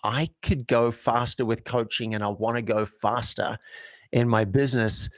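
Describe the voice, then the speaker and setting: A man's voice: medium pitch, steady tone, moderate pace, dry recording. Earnest storytelling man, dry sound. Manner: earnest, storytelling, acts out example phrasings. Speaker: coach and guest. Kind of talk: conversational interview.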